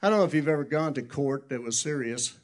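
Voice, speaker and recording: A man's voice: medium pitch, animated, fast talker. A man preaching a sermon in a folksy, rambling storytelling way, often correcting himself and chuckling. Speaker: pastor.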